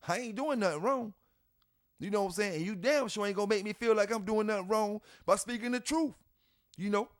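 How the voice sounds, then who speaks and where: A man with a notably high voice delivers a heated, blunt rant as a channel host. He swears freely, hammers the same points again and again, and drops scornful laughs between lines. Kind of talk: ranting commentary to camera.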